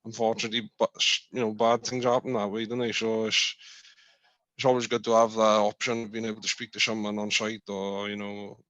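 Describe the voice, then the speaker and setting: A man's voice: on the low side, flat delivery, brisk, fairly bright tone, no echo. Regular guy rambling a bit, lots of you know, dull dry mic. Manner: chatty, many fillers like "you know". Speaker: guest. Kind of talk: casual chat.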